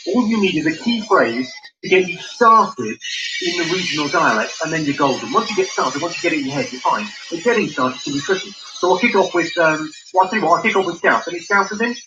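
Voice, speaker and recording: Crude stand-up comedian. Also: male voice, on the high side, animated, fast talker, music in the background. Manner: dry, crude, teasing the crowd. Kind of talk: stand-up routine. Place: comedy club stage. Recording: muffled live recording with noise.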